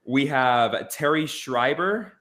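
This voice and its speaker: A man hosting a casual film podcast, animated and repeating phrases for emphasis. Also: medium pitch, takes it slowly. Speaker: podcast host. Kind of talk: casual chat.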